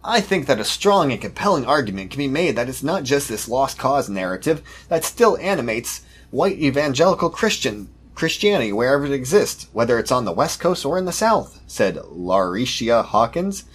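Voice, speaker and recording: Guy hosting a podcast, husky voice, swings up and down a lot, mocking tone reading news out. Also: mid-range voice, very animated, moderate pace, few pauses. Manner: sarcastic, mocking. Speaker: podcast host. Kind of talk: commentary, reading news articles aloud.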